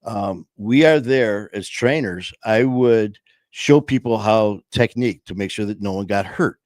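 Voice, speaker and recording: A man's voice: fairly low pitch, measured pace, a little mellow, no room sound. A middle-aged man telling a long story in a casual chat, rambling with many fillers. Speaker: podcast host and former trainer.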